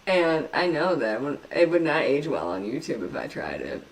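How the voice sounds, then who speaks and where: A woman's voice: low voice, big pitch swings, normal speed, gravelly, far from the mic. A woman hosting a casual livestream chat, rambling from topic to topic, giggling often and poking fun at herself. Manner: giggly, rambling, self-mocking. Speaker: livestream host.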